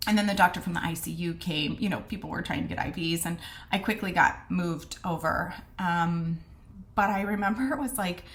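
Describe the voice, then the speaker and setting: A woman with a fairly low, fairly bright voice speaks at normal speed, and there's a little hiss or hum in the recording. As a vlogger sharing how she was diagnosed, she's open and conversational, acting out past dialogue, swearing mildly, and filling gaps with lots of fillers.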